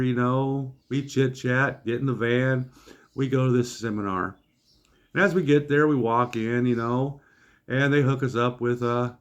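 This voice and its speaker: A middle-aged storyteller from Iowa tells a comic anecdote in a folksy, wry manner, acting out other people's voices. His voice is mid-range, and the audio sounds dull.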